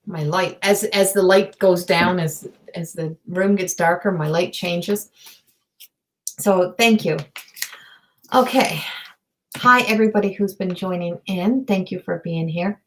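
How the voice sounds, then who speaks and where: A woman giving live intuitive readings as a medium, talking in a soft, searching way full of fillers and restarts, sometimes dropping to a near whisper. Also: lowish voice, a little slow, slight background noise, rough recording. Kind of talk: live-streamed psychic reading.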